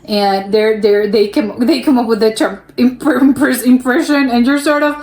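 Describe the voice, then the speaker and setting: A woman's voice: on the high side, fairly even intonation, moderate pace, a little mellow. Chatty American woman in an echoey room. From United States. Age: young adult. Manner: chatty, many restarts, frequent laughter. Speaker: reaction video host. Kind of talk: casual reaction commentary. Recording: roomy echo.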